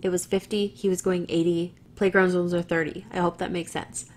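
A woman's voice: fairly low pitch, flat delivery, brisk. A woman with a Canadian accent telling a story to camera in a chatty, rambling way, swearing freely and restarting her sentences. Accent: Canadian English.

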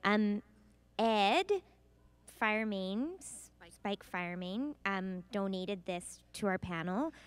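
A woman's voice: mid-range voice, takes it slowly, smooth. A woman on a convention panel stage, speaking bubbly with hesitant fillers.

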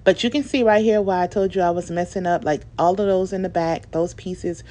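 A woman's voice: fairly low pitch, fairly even intonation, brisk, mellow. A young woman recording a casual, chatty voice-over for a home DIY tutorial, talking informally with many fillers. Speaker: DIY video creator.

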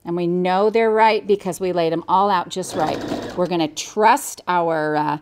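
An older American woman, a quilting instructor, gives a chatty, cheerful step-by-step demonstration, clearly enthusiastic about her work. Her voice is fairly low and unhurried, against a noisy background with a sewing machine running.

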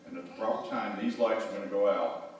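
A middle-aged male pastor preaches in a folksy storytelling way, leading his congregation in a call-and-response prayer. His voice sits on the low side. The sound is captured from far off in a church sanctuary, with a long echoing reverb. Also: fairly even intonation, fast talker, a little hiss or hum. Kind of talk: sermon. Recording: echoey hall, voice from far off.

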